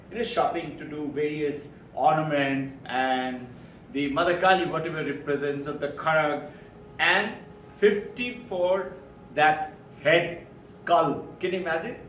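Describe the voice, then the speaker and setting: A man from India, giving an informal, anecdotal spiritual talk. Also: fairly bright tone. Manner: rambling, anecdotal storytelling. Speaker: spiritual speaker. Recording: echoey room from far off, low rumble.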